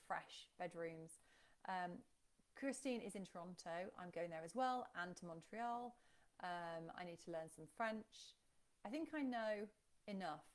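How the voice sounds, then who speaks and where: A woman hosting a casual live stream, chatting and reading out viewer comments, with frequent ums. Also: fairly low pitch.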